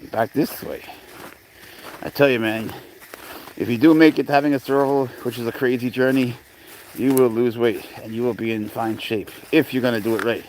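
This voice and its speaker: On a live stream, a man walks his pet cat outdoors and chats casually with viewers, rambling and calling people "bro." His voice sits at medium pitch and jumps up whenever he coaxes the cat. There's slight background noise.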